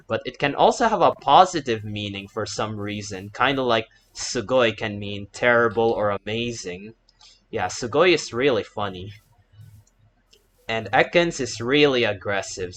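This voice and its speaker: A man giving casual let's play commentary as he plays, chatty and breaking into loud panicked shouts, with Japanese exclamations sprinkled in. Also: medium pitch, animated, measured pace, low-quality recording. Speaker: gaming YouTuber and English teacher.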